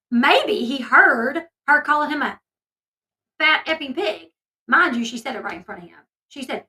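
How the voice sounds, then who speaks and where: A woman's voice: high voice, expressive, moderate pace, sharp tone, low-quality recording. A woman from the States, talking in a chatty, indignant way full of fillers as she gives gossip commentary on a vlog. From Southern United States. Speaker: commentary YouTuber.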